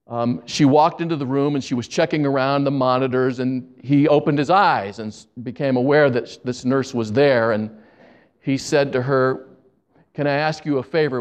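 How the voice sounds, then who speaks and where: A man preaching, telling a story earnestly and slowing down for emphasis. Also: mid-range voice, lo-fi sound. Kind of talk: sermon storytelling.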